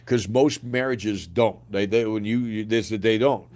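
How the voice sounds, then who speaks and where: A middle-aged American man, a grieving father appearing as a podcast guest, recounts a painful personal story bluntly and casually, with plenty of slang and swearing. His lowish voice is steady, unhurried and a little mellow.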